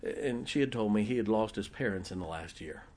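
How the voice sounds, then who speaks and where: A man's voice: fairly low pitch, expressive, a little fast, darkish tone. A man preaching a sermon as pastor, telling folksy stories and joking with his congregation.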